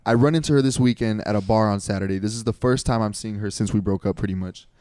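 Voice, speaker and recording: Speaking quickly in a lowish register, this twenty-something comedy podcast co-host wanders through a story, fixing details as he goes and livening up when he imitates his friends. The studio-quality audio has no echo.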